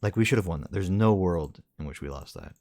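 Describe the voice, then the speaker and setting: A man's voice: deep voice, animated, brisk, a little mellow. A young man streaming a game, tired and venting in an exasperated, repetitive rant about losing. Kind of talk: frustrated gaming rant.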